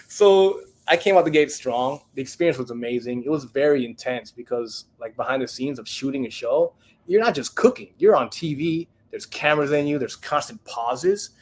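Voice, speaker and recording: With a mid-range voice and a fairly quick pace, a chef in his thirties narrates a story as a podcast guest. He keeps it casual and animated, slipping into the voices of the people he quotes.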